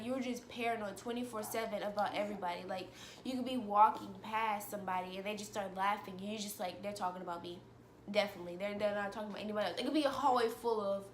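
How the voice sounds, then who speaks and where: A woman's voice: mid-range voice, fast, roomy sound, slight background noise. A young woman vlogging about her own experiences, hesitant and full of fillers and restarts. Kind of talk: personal confessional talk to camera.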